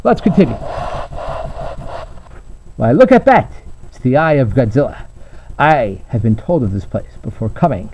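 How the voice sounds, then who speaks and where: A man's voice: mid-range voice, sing-song, normal speed, pauses often, a little mellow. A man hosting a playful mock news report, speaking in a hammy, upbeat reporter voice. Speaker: host and reporter. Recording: slightly muffled home recording.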